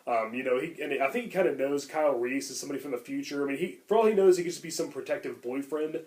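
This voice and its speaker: A man co-hosting a podcast talks quickly and loosely about movies. He rambles with plenty of fillers, enthusiastic and relaxed, at a middling pitch. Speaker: podcast co-host. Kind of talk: casual chat.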